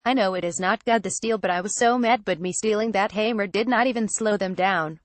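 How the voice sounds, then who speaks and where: A woman's voice: mid-range voice, fairly quick, dry recording. A woman narrating an audiobook in an earnest, naive first-person storytelling manner.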